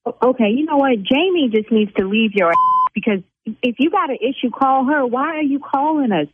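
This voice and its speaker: A woman who owns a beauty salon, arguing with a caller over the phone, indignant and blunt and quick to flare up. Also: high voice, expressive, slightly rough, no room sound. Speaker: salon owner on a phone call. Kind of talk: heated phone argument. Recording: tinny phone line.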